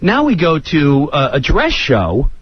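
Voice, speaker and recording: An animated man telling a story at a quick clip, his fairly high voice swinging widely as he jumps between characters. The sound is a muffled radio broadcast with a faint hiss. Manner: lively, does voices of others. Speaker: comedian guest.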